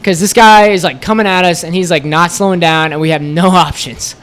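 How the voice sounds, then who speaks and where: This podcast guest, a store co-owner, speaks in a smooth, high-pitched voice at a fairly quick clip. Chatting casually about a road trip, he performs everyone's dialogue with energy and says "like" a lot.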